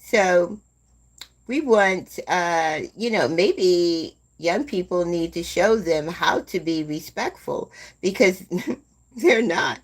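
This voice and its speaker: A woman in her seventies hosting a live stream, chatting slowly and gently with viewers and calling them "my dear love.". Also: lowish voice, lively intonation. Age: 70s. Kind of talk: casual chat with live viewers.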